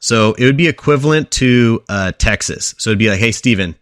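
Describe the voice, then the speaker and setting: A man's voice: mid-range voice, brisk, smooth, no room sound, studio quality. A young man hosting a casual podcast, walking his friends through a history story with lots of fillers and quiz questions. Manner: rambling explainer, asks quiz questions, many fillers and restarts. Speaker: podcast co-host presenting a history segment.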